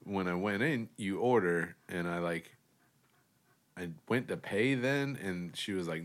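Low-voiced man telling a casual story. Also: unhurried. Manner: laid-back storytelling, swears casually. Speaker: podcast co-host. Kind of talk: casual chat.

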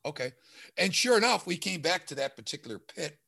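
A man with a bright, forceful voice tells a story in casual conversation. His pitch rises and falls a lot as he acts out what each person said. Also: fairly quick, creaky. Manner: animated storytelling, acting out quoted dialogue. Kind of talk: casual chat.

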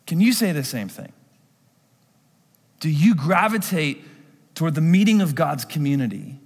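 A male pastor preaches in a church, his voice a little higher than most men's. He tells the story with animation and acts out the voices, with the long reverb of a large hall. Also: sing-song, normal speed, long pauses, breathy edge. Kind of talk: sermon.

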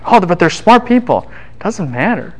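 A man giving a university classroom lecture in a relaxed, joking way, often acting out what other people would say. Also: sits high, normal speed, poor audio. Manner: casual, quips and acts out voices of students and scholars.

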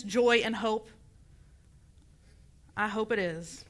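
A woman's voice: a little high, lively intonation, unhurried, sharp tone. A woman preaching an impassioned sermon, building to fervent outrage. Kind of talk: passionate sermon.

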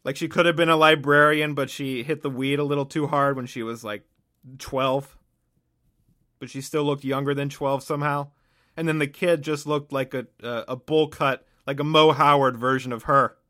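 A man's voice: mid-range voice, steady tone, moderate pace, bright, forceful tone. A man hosting a podcast, rambling through a sardonic solo comic monologue and often cutting himself off mid-thought. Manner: rambling, sardonic, self-interrupting. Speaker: podcast host.

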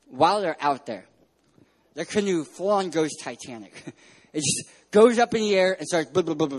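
A young man from San Diego preaching a sermon, telling playful stories with loud bursts of emphasis. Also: a little high. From San Diego, California.

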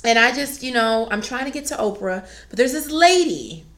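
Brief: higher-voiced woman co-host, chatty storyteller, animated with laughs and acted-out quotes. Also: moderate pace. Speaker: podcast co-host. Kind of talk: casual storytelling chat.

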